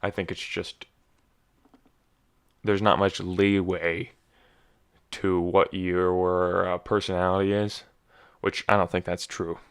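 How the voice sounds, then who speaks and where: Young male podcast host, low and smooth, self-deprecating ramble, slightly scratchy voice. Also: flat delivery, takes it slowly, long pauses. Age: young adult. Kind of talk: casual solo monologue.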